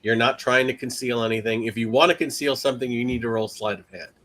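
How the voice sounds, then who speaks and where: A man narrating as game master, halting and filling his speech with ums and likes. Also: medium pitch, fairly bright tone. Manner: halting, full of fillers.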